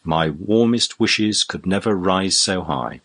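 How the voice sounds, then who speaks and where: A man's voice: low-pitched, lively intonation, slow, a bit bright, full character voice. A man reading the part of a grateful young soldier, earnest and heartfelt. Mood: overjoyed. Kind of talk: audiobook character voice.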